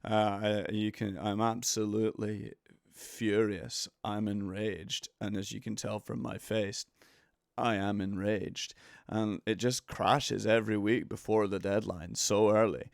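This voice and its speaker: A man doing a gravelly deadpan sports star. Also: unhurried, no echo, studio quality. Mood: deadpan furious. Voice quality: flat, low monotone with gravelly fry. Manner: deadpan complaining. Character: deadpan, grumbling adult male sports star.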